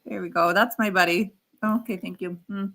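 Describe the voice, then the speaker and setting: A woman co-hosting a podcast from her home office, chatting casually and telling animated stories. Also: medium pitch, fairly quick, gravelly, no echo. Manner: chatty, animated storytelling about her dog. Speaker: podcast co-host. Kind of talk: casual chat. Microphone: desk microphone on a video call.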